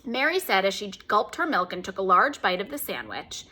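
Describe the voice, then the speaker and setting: A woman reading a children's chapter book aloud, expressive and animated. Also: medium pitch, a little fast, few pauses. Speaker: storyteller.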